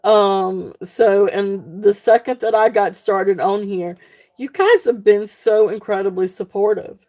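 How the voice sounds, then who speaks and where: A woman's voice: mid-range voice, measured pace, dark tone. A woman hosting a live online jewelry sale from home, talking to her viewers in a rambling, heartfelt way with many fillers. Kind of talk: casual live-stream chat to viewers.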